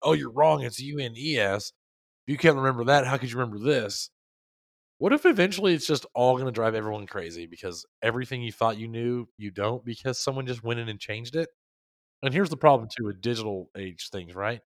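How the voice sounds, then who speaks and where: A man co-hosting a casual chat, animated and jokey, acting out quotes for laughs. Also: mid-range voice, fast talker, no room sound, clean studio sound. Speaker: podcast co-host.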